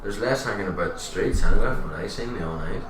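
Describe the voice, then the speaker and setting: A man's voice: on the low side, rapid-fire. A young man guest on a podcast, talking bluntly and swearing in casual chat. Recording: distant, roomy, loud noise.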